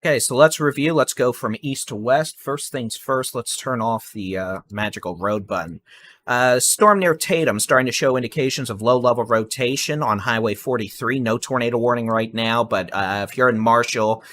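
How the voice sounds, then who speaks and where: A man giving fast, urgent live severe weather warnings and repeating safety instructions. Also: mid-range voice, a bit bright. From Texas.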